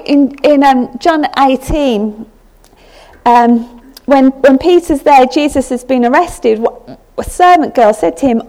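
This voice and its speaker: High, gravelly woman preaching a sermon. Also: warm tone. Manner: reflective storytelling with fillers and restarts.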